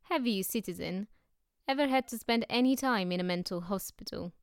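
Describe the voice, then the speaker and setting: A woman's voice: medium pitch, normal speed, clear, resonant tone, no echo, clean studio sound, lightly acted. A woman reading the lines of a young, hot-headed male poet who is suspicious and blunt, often in an urgent whisper.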